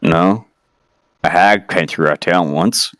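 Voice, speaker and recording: A man voicing a gruff 51-year-old man cursed into a girl's body, with a gravelly, weary voice. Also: low voice, slow pace, a bit bright, no echo. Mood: exasperated.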